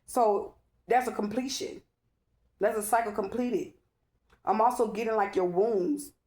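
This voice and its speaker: Her voice is a little high with a darkish tone, and she speaks at a measured pace. She's a chatty tarot reader doing a casual spiritual reading, emphatic, preachy, and fond of saying "okay?"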